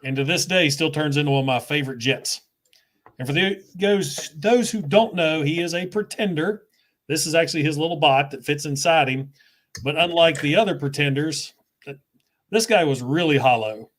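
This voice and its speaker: A man's voice: fairly high pitch, normal speed. A man hosting a casual live chat, explaining collectible figures with enthusiasm. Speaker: toy reviewer and host.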